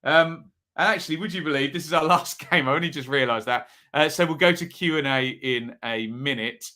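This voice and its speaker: With a slightly high, brisk voice that sounds pushed and bright, this man hosts a live football predictions stream. He keeps things chatty, reading out viewer comments and asking chat for their picks.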